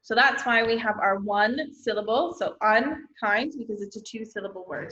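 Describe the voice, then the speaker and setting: Woman teacher, recorded lesson for kids; encouraging, unhurried, bright tone, dull lo-fi echoey audio. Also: on the high side. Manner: slow, patient, encouraging, checks in with "okay?". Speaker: elementary school teacher. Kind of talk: recorded online lesson for children.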